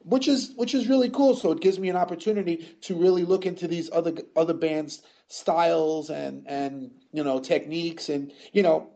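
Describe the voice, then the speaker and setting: An older man in a casual interview, rambling through his stories and circling back with restarts. His voice sits a bit high for a man and has a mellow, dark tone. The audio sounds dull, like lo-fi radio. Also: normal speed, hardly any pauses. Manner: rambling, full of "you know" and restarts. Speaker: guest musician.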